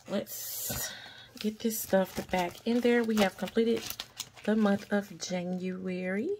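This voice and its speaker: A woman's voice: mid-range voice, creaky, background noise. A woman chatting casually to viewers in a budgeting vlog while counting cash aloud and calling them y'all. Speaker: budgeting vlogger.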